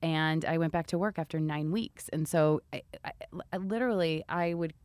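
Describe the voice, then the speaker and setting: A woman's voice: sits low, normal speed, darkish tone, clear, resonant tone, no echo. A woman in her thirties talking frankly as a podcast guest, blunt and swearing casually. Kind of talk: casual chat. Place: podcast studio. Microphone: studio microphone.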